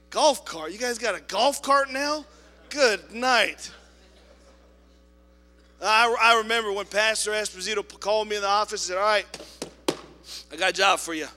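A man preaching a sermon in a church, telling a story with quoted voices and swinging between loud appeals and soft asides. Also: sits high, big-room sound. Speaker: pastor. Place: church sanctuary.

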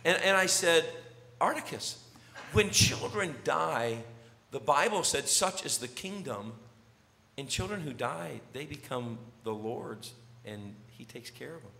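A middle-aged man preaching a sermon, telling a story and swinging from loud calls to hushed words. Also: a little high, unhurried, vocal fry, slight background noise. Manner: animated, swings from shouting to near whisper. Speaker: pastor. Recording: long hall reverb.

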